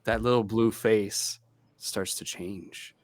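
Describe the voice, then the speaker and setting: A man narrating as game master in a relaxed, meandering way, with many ums. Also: lowish voice, slow, background noise.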